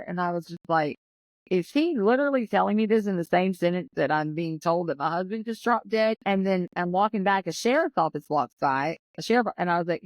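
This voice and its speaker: A woman's voice: fairly low pitch, animated, brisk, no room sound, poor audio. Emotional woman, dry close sound. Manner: emotional, tells her story with quoted voices. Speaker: guest. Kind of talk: personal storytelling.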